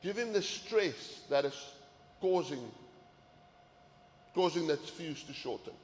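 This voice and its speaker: A man teaches in an earnest sermon style, stacking repeated words when he presses a point. His voice sits a bit high for a man. It carries a long, roomy echo from the hall, with faint ambience behind. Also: expressive, slow pace, a little hiss or hum. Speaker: men's ministry teacher.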